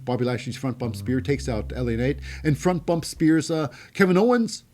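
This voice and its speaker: A man's voice: mid-range voice, lively intonation, moderate pace, darkish tone. A man hosting a wrestling show, giving a casual, rambling recap with many fillers and restarts.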